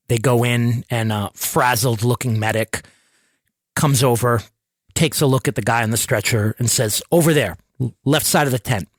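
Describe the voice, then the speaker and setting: A man playing in a tabletop role-playing game, narrating his character's scene in a slow, halting way. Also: mid-range voice, no echo, studio quality. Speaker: player.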